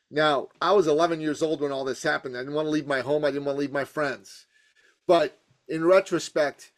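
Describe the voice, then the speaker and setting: A man in his fifties from Iran, a business coach telling his story as a podcast guest in an emphatic, punchy, rhythmic way. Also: on the high side. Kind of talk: motivational storytelling in a podcast interview.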